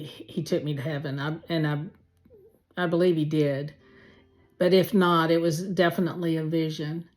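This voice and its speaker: A woman telling a heartfelt personal faith testimony, slowly and with many pauses. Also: low-pitched, darkish tone. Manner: slow, heartfelt storytelling with pauses. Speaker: testimony speaker.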